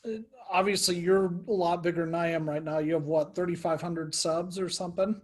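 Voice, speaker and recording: A man's voice: fairly high pitch, steady tone, a little fast. A man who makes guitar gear videos, chatting casually and peppering his talk with "like" and "you know". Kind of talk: casual chat between online creators.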